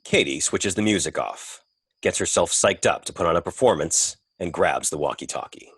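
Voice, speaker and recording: A man narrating an audio drama in a calm, measured way. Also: deep voice, husky, no echo, studio quality. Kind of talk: scripted narration.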